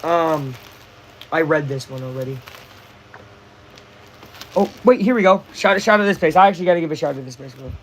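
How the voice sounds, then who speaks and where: A young man hosting a casual live baseball watch-along, chatty and excitable, full of slang. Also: on the high side, fairly quick, pauses often, slight background noise, poor audio. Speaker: livestream host.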